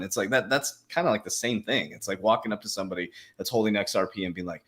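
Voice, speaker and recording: Male livestream host, rapid and slangy, lowish voice, animated delivery. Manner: fast, animated, slangy, quick laughs. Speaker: crypto coach, livestream host. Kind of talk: casual livestream chat.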